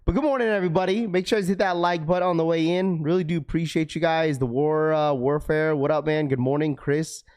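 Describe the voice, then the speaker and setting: A man's voice: fairly high pitch, fairly even intonation, a little fast, hardly any pauses, a little mellow, smooth. Laid-back man on a livestream. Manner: laid-back, many fillers, greets viewers by name. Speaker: livestream host. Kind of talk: casual livestream chat.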